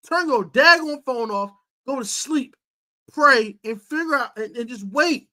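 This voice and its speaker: Exasperated woman ranting on a sports stream. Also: normal speed. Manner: exasperated, scolding, slangy, swings between loud outbursts and low muttering. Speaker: sports podcast host. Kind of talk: live-streamed sports rant.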